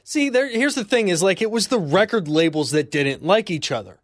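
A man co-hosting a sports radio show with dry, wry humor, patiently setting the facts straight. His voice sits a bit high and swings in animated pitch. The recording is close and dry. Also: moderate pace, dry recording. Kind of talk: casual radio banter.

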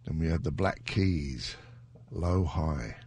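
A man hosting a music radio show with a gravelly, husky voice, rambling and chuckling between song titles in a radio studio. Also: extremely low pitch, animated, slow, darkish tone. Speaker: radio DJ host. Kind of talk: casual radio chat.

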